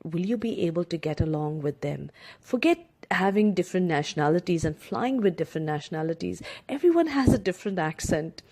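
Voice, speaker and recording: A woman's voice: lowish voice, lively intonation, brisk, a little mellow. A woman from India giving career advice as a coach and former cabin crew member, talking chattily with many fillers and restarts. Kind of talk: instructional talk to camera.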